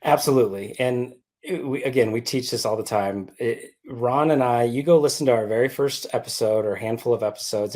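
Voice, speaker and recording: A man's voice: medium pitch, darkish tone. A man guesting on an interview, explaining things in an easygoing, conversational way with frequent restarts. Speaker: podcast co-host guest. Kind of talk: casual interview chat.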